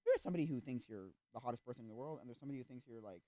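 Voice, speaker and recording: A male streamer in casual chat, rambling with restarts and acting out little quoted exchanges, sometimes breaking into loud rants. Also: mid-range voice, lively intonation, rapid-fire, no room sound. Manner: gets loud and ranting.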